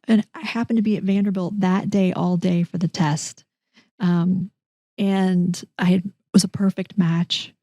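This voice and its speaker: Woman, middle-aged, interview guest, animated storyteller, warm low voice, dry close sound. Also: measured pace, no room sound. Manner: animated, acts out quoted dialogue, frequent restarts. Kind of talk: conversational storytelling.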